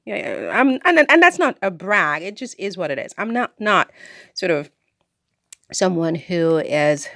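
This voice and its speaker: A woman's voice: mid-range voice, fairly bright tone, no room sound, studio quality. A woman from the Caribbean vlogging on her own channel, chatting in a rambling, talkative way and breaking into laughter. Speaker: YouTuber. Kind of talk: casual vlog monologue.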